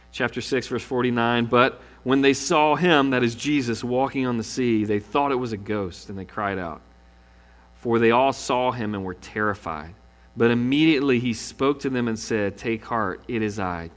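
A man's voice: mid-range voice, big-room sound. A male pastor preaching a sermon, telling stories with animation and acting out the quoted lines.

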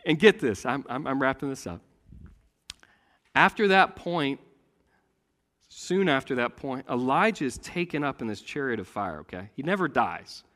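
A man preaching a sermon, telling a story with great animation and swinging between loud and hushed delivery. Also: medium pitch, in a large hall.

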